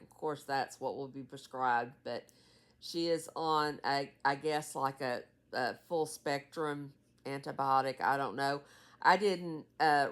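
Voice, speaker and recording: Woman in her sixties, deep-ish and unhurried, rambling caregiver update with a sleepy edge. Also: a bit bright, smooth. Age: 60s. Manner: rambling, many fillers and trailing asides. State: tired, yawning. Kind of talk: casual vlog update.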